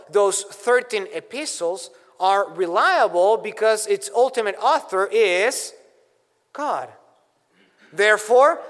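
A man with a high voice preaches slowly and deliberately, leaning hard on key words as he works through scripture. His voice rings out with a long reverb, as if in a large hall. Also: fairly bright tone. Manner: deliberate, emphatic teaching with scripture quotes. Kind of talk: expository sermon.

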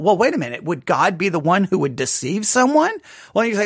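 A man's voice: high-pitched, sing-song, fast talker, vocal fry, slightly rough, no room sound, studio quality. A man teaching a Bible study class, thinking aloud and asking many rhetorical questions.

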